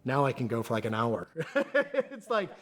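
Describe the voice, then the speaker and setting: Male interview guest, mid-range voice, candid and halting delivery. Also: medium pitch, sing-song. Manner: earnest, halting, restarts often. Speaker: podcast guest.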